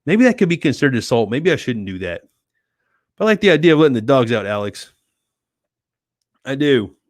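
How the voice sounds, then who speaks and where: A relaxed American man runs a late-night livestream from his home, reading out viewer comments and replying warmly with words like "sweetie" and "dude." His mid-range voice is dry and close-miked, with no echo from the room, and he talks fairly fast with wide swings in pitch.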